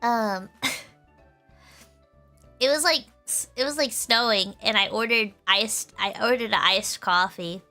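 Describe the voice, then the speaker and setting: A woman streamer chatting casually with her viewers in a high, girlish voice, giggling often and filling her talk with "like". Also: takes it slowly, pauses often, pushed and bright, soft background music. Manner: giggly, laughs often, full of "like" fillers.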